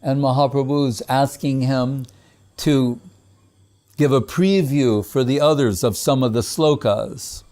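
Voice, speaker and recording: Guy giving a devotional talk, retells old stories, recites sanskrit verses, chuckles a lot, mid-pitched voice. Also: takes it slowly, dark tone. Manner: chuckles often. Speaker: spiritual teacher. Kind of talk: devotional discourse.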